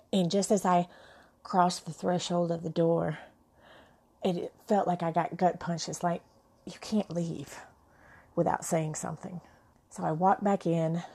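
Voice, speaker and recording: A woman's voice: lowish voice, dark tone. A woman vlogger telling a personal story in an earnest, heartfelt way, with restarts.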